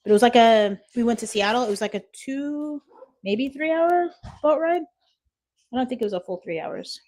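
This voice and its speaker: A woman's voice: fairly high pitch, animated, moderate pace, a little mellow. Woman, 30s, from Washington State; casual phone live-stream host, chatty, reads comments, laughs easily. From Washington State, USA.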